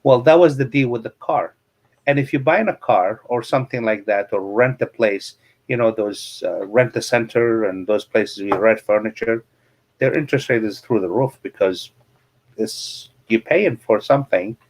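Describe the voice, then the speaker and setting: A man's voice: medium pitch, moderate pace. A middle-aged man, a real estate coach and interview guest, telling anecdotes and explaining money matters with plain examples.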